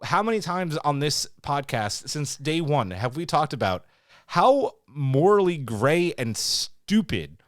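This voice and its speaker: A man co-hosting a podcast, reviewing a TV episode in casual chat, animated and swearing freely as he rants. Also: fairly high pitch, slow pace, dry recording, studio quality. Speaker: podcast co-host.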